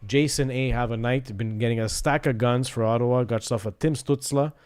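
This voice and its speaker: Male card-break host, mid pitch, rapid call-outs of cards, chatty asides. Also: fairly even intonation, a little mellow, smooth. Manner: rattles off card names and teams, upbeat asides. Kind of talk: live pack-opening commentary.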